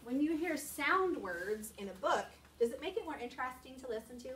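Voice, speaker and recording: A woman teaching a class of young children, animated and expressive, asking lots of questions. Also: high-pitched, fairly quick. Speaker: elementary school teacher. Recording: echoey classroom, camera far off.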